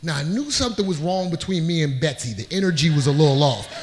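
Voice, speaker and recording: A middle-aged man telling a funny personal story on stage, acting out the scenes and getting louder as the story turns to panic. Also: a little high, fast talker. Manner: animated, acts out scenes, voice rises when panicked. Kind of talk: live comedic storytelling.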